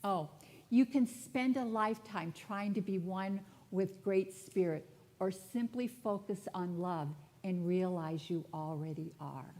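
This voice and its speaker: A woman's voice: medium pitch, unhurried, warm tone. A woman spiritual director giving a personal sermon to a congregation in a church, telling her story in a candid, chatty way with touches of humor. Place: church sanctuary before a congregation.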